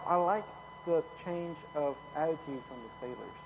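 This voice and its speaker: Man, pastor, casual chatty sermon, folksy, slightly high pitch. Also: moderate pace, muffled recording, a little hiss or hum. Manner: folksy, repeats "okay?" often, rises loud when reading scripture.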